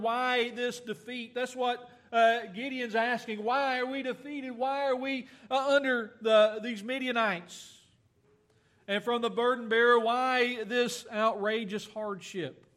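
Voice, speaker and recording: A man preaching a sermon, reading scripture aloud in a slow, earnest way with fillers and small self-corrections. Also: very high voice, a bit bright.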